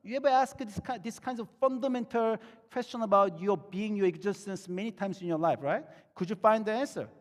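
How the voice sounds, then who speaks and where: A man's voice: sits high, brisk, few pauses, big-room sound. A middle-aged man, a pastor, preaching conversationally and asking the listeners many questions. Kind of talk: sermon.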